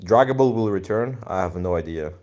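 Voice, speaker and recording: A man's voice: deep voice, lively intonation, a little fast, darkish tone. A young man with a Greek accent chatting casually on a live stream, reading viewer comments and thinking aloud in a laid-back, slangy way. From Greece.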